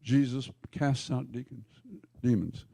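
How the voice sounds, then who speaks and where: A male pastor preaching a sermon in church, telling the stories emphatically with jokey asides and quick self-corrections. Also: medium pitch, vocal fry, warm tone, breathy edge, dry recording.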